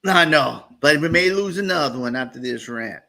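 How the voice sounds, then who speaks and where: Animated, bright-voiced man ranting. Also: on the high side, moderate pace, creaky. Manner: animated storyteller, acts out little scenes. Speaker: co-host. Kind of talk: casual chat.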